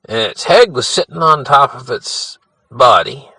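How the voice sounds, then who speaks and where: Older man with a lively, bright voice, rambling storyteller. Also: medium pitch, a little slow, vocal fry, breathy edge, dry recording, low-quality recording. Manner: rambling, frequent "you know" and restarts. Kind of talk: casual personal storytelling.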